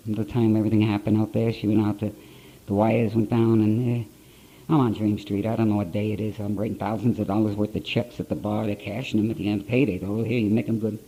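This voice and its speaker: A middle-aged man tells his story to a conference audience in plain, rough, blunt sentences. His voice is mellow and warm in tone, heard on an old conference tape. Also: on the low side, little pitch movement, quick pace, low-quality recording. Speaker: speaker at a recovery conference. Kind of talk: personal recovery story told to an audience.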